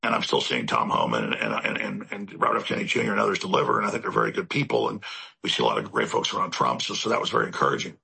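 A deep-voiced man with a heavily gravelly, raspy rasp rants through a political commentary monologue. His delivery is rambling and emphatic, stacking repeated words, and his pitch swings widely. The tone cuts bright and forceful despite the grit. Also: very animated, very fast. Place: studio in Central Texas.

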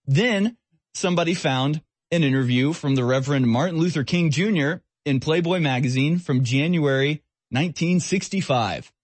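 A man's voice: on the high side, normal speed, no echo. A man hosting a talk radio show, speaking in a sarcastic, mocking and scornful way as he rants and takes calls. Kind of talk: opinionated talk radio monologue.

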